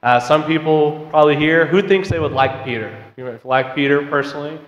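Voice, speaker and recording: A man's voice: on the high side, steady tone, a little fast, muffled recording. A man leading a church Bible class, chatting with the class, asking questions and reading scripture aloud. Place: church auditorium. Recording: roomy hall with long reverb.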